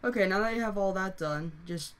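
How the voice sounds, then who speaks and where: A hoarse game tutorial host who is losing their voice, explaining steps casually with fillers and frequent self-corrections. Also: medium pitch, a little fast, a little hiss or hum. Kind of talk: casual screen-recorded tutorial.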